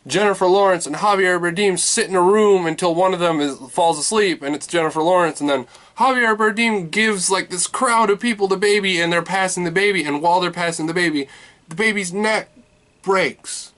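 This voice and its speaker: A man's voice: sits high, fairly quick, a bit bright. A man giving a casual, exasperated movie review rant, full of swearing and filler words.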